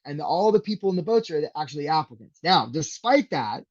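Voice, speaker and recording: A man's voice: on the high side, very animated, a little fast, dull audio. A man teaching a live job-search webinar as a career coach, talking energetically and conversationally and often checking in with "right?".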